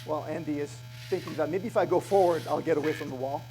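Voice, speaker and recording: A man's voice: on the high side, quick pace, noisy background. Hesitant man giving a conference talk. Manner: hesitant, many fillers and restarts, good-humored. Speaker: conference speaker. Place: conference room.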